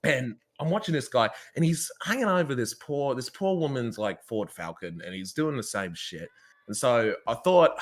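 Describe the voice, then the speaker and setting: A man telling a story in casual chat, animated, swearing freely and often laughing. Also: mid-range voice, moderate pace.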